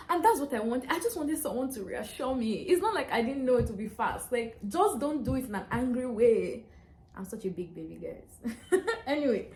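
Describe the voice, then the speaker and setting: A woman's voice: a little high, darkish tone. A young woman vlogger telling a story to camera, chatty, laughing often and acting out the dialogue. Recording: echoey room, faint ambience.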